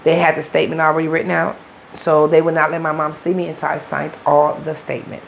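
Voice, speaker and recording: Woman, Chicago accent, middle-aged, low gravelly voice, blunt street talk, faint noise behind. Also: little pitch movement, fast talker. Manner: blunt, profane, streetwise storytelling. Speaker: interview guest. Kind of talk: candid storytelling interview.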